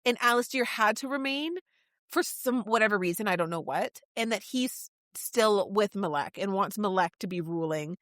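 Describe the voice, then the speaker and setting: A woman co-hosting a podcast in casual book club chat, thinking out loud about theories with many restarts. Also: medium pitch, moderate pace, dry recording, clean studio sound. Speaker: podcast co-host.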